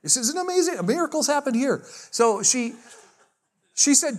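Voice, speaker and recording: Animated high-voiced male preacher. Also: moderate pace. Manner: animated, acts out dialogue with big pitch jumps. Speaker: pastor. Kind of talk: sermon storytelling and prayer.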